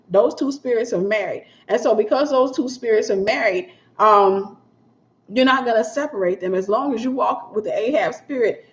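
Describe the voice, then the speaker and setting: A woman minister teaching a sermon in a conversational way, repeating her key points and acting out little scenes. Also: medium pitch. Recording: dull lo-fi sound.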